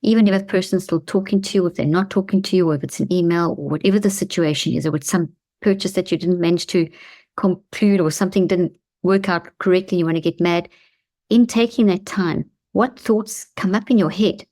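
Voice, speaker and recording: A woman hosting a self-help talk, speaking calmly and slowly with a reassuring tone and repeated phrases. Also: lowish voice. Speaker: host.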